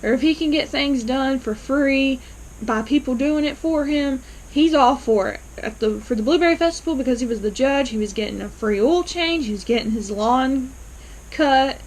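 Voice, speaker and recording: A woman casually recapping and reacting to a TV episode, animated and quick to act out the characters' lines. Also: high-pitched, poor audio. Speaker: TV episode reviewer.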